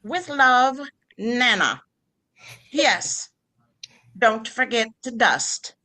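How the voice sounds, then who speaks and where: A woman's voice: fairly high pitch, sing-song, extremely slow, sharp tone, voice pushed up, full character voice. A woman reading aloud and voicing a wry old grandmother's farewell letter, in a stern, scolding manner like a cross witch. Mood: wry, knowing.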